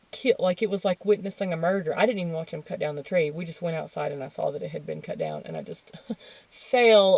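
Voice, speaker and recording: A woman's voice: lowish voice, a little mellow, dry recording, rough recording. A woman in her thirties hosting a podcast, telling personal stories in a candid, emotional way, laughing and swearing freely. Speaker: podcast host. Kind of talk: personal storytelling monologue.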